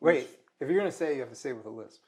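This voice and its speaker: A man who is a guest at a casual political chat over dinner at home, animated and laughing often. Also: medium pitch, racing. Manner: animated, laughs a lot, does mocking voices. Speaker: guest commentator.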